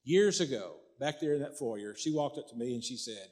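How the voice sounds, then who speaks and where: A man's voice: medium pitch, lively intonation, brisk, darkish tone. Pastor, male, folksy conversational sermon delivery with lots of repetition.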